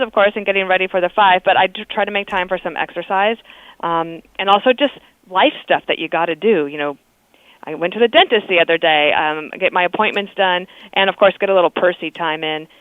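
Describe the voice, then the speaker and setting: A woman's voice: medium pitch, a little fast, no room sound. A woman guest phones in to a radio show and chats candidly, easing in the odd filler. The line sounds tinny and phone-like, with no room around her. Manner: chatty and candid, with small fillers. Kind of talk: phone interview on talk radio.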